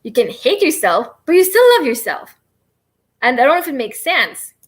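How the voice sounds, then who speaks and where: High-voiced chatty woman. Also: sing-song, normal speed. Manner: chatty, rambling, self-deprecating. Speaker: livestream host teaching tapping. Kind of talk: casual live demonstration.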